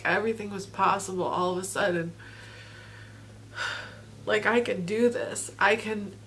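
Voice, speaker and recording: A woman talks into her camera in a personal video diary, her voice at a middle pitch. She is emotional and grateful, laughing and welling up as she speaks, and she rambles with many fillers. A faint hum sits behind the recording. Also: fairly bright tone. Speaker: vlogger.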